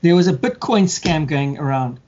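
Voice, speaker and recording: A man talks casually in a mellow, husky voice that sits a little high for a man. He tells stories in an animated way and slips into quick mock voices for the people in them. The recording sounds dull and lo-fi. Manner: animated storyteller, acts out scammers and victims in quick mock voices. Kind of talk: casual chat.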